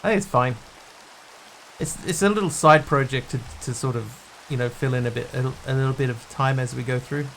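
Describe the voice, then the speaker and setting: A man streaming a building game, talking through what he does and answering questions from viewers in a relaxed, casual way. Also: medium pitch, fairly quick, a little hiss or hum. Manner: thinks aloud while building, answering viewers' chat.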